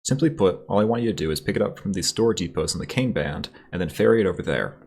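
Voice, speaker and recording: A wary rebel contact, read by a man who talks low and confiding, briefing plainly in a deep, husky voice. Steady and businesslike, with little flourish. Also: fast talker, full character voice.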